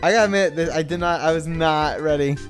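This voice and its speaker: A woman's voice: deep voice, fast, faint music behind. A woman joking, swearing and mocking herself while voicing a game playthrough. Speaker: game voice-over player. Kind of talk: casual let's-play commentary.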